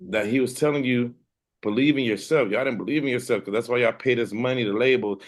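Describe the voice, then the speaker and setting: A man, a hip hop artist, talking as a guest in a casual interview, blunt, boastful and streetwise. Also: medium pitch. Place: room with ceiling fan and air conditioner.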